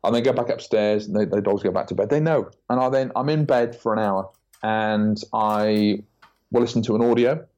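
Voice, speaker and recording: Lively low-voiced man telling stories. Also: normal speed. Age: 40s. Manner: animated storyteller, acts out quoted voices. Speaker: podcast guest, branding consultant. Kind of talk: casual interview chat. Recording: dull lo-fi audio.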